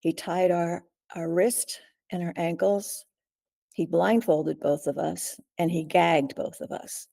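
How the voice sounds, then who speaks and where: An older woman, a guest in an interview, recounting a frightening ordeal slowly and steadily, often pausing to clear her throat. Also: lowish voice, fairly even intonation, mellow. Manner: measured, frequent throat clearing. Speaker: guest, author.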